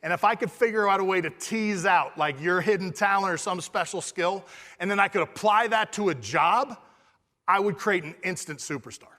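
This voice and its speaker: A middle-aged man from California giving a storytelling keynote speech, animated and acting out dialogue. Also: high voice, normal speed. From California, USA. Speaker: keynote speaker. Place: conference hall. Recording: long reverb of a large hall.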